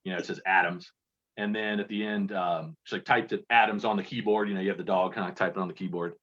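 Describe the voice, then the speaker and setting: A man's voice: deep voice, steady tone, fast talker, fairly bright tone. A man from Kentucky, a contest entrant being interviewed, chatting casually with rambling, self-deprecating stories over a video call. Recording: dull lo-fi sound.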